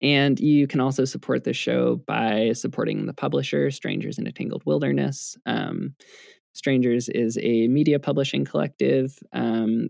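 A man with a gravelly, fry-tinged voice sits close and dry to the mic as he signs off his podcast. He rambles casually, piling on ums and restarting his sentences. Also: medium pitch, moderate pace, a little mellow, no room sound. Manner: rambling, with frequent fillers and restarts. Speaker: podcast co-host.

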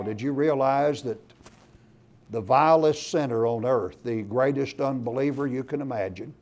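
A man with a mid-range voice preaches a sermon at a normal speed, reading scripture aloud and driving his points home. His delivery is emphatic, growing loud whenever he reads scripture or runs through lists.

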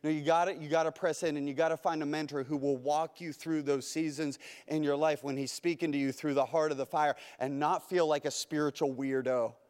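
A male pastor preaches with a high voice, earnest and emphatic, circling back over his own phrases. The sound carries the long reverb of a large church hall. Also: steady tone, a little fast, hardly any pauses, darkish tone, clear, resonant tone. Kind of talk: sermon. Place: church sanctuary.

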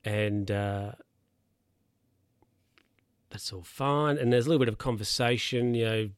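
A man's voice: medium pitch, measured pace, clear, resonant tone, dry recording, studio quality. Rambling man recapping a film. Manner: rambling, filler-heavy, self-correcting.

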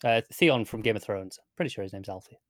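A man co-hosting a podcast, chatting quickly and agreeably about a film. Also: fairly low pitch, lively intonation, fairly bright tone, no room sound, clean studio sound. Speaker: podcast co-host. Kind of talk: casual movie review chat.

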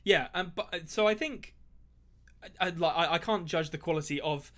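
A man's voice: on the high side, normal speed, fairly bright tone. A man co-hosting a casual movie podcast, talking animatedly and putting on voices to mock film lines. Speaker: podcast co-host.

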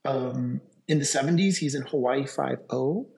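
A man's voice: medium pitch, normal speed, vocal fry, a little mellow. A man co-hosting a casual podcast, enthusiastically reading out actor trivia. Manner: enthusiastic, reads trivia aloud. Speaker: podcast co-host.

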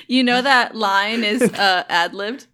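Bright chatty woman guest. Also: mid-range voice, slow pace. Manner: chatty, laughing often. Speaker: podcast guest. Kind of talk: casual movie review chat.

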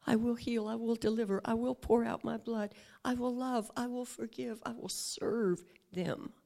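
A woman's voice: on the high side, steady tone, moderate pace, gravelly. A woman voicing Jesus the Son, whispering and fierce. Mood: proclaiming. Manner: hushed whisper that swells into shouting. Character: Jesus as the Son, man, tender yet fierce.

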